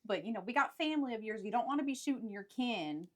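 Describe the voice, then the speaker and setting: A woman's voice: on the high side, animated, fast talker. A woman voicing a folksy, brash male traveling companion who talks in a bluff drawl. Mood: persuasive.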